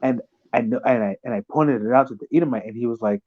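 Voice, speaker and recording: A man in a casual chat who tells animated, profane stories and acts out the people in them. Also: medium pitch, fast, no echo, muffled recording. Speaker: conversation partner.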